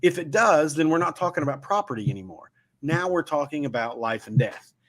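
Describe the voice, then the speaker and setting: Brief: male show host, Southern Ohio accent, a bit higher voice, chatty and folksy storyteller. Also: expressive, brisk, fairly bright tone. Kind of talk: casual livestream talk.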